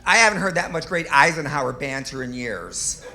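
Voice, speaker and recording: A man's voice: on the high side, lively intonation, normal speed, bright, forceful tone, slight background noise. A man in his fifties doing a stand-up comedy set on a club stage, delivering self-deprecating punchlines with little chuckles.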